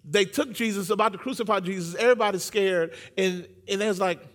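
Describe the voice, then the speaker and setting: A man preaching a sermon, joking with the congregation and building to loud, sung-out emphasis. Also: high-pitched, a little fast, in a large hall. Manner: humorous, animated, builds to shouting.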